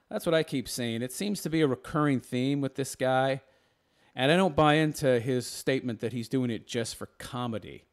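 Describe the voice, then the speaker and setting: A man talks through a point-by-point rebuttal in an argumentative commentary style. His voice is smooth and clear, sitting at a middling pitch. He explains things in a lecturing way.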